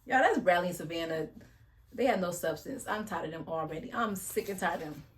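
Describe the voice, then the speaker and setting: A woman's voice: fairly low pitch, fairly quick. A woman giving a casual, blunt recap of a reality show, chatty and slangy, sighing as she retells scenes.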